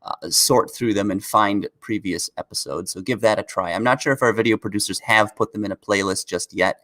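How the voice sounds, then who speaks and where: A little fast and with a pushed, bright lowish voice, a man co-hosts a casual car news stream. He keeps things relaxed, chuckles often and reads out the chat's questions.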